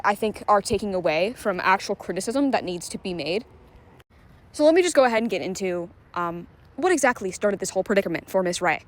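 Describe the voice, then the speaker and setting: A woman giving casual online commentary, talking frankly with lots of fillers and swearing. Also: medium pitch. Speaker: commentary YouTuber.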